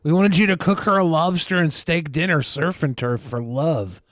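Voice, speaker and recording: A man's voice: on the high side, normal speed, no echo, clean studio sound. A man co-hosting a podcast, joking sarcastically in casual banter. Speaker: podcast co-host. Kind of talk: casual comedic chat.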